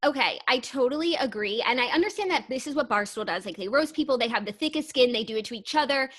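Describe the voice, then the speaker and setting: A young woman co-hosting a pop culture podcast, chatting casually with lots of "like" and getting animated and emotional over gossip. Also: high-pitched, fast talker, no room sound. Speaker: podcast co-host. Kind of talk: casual chat.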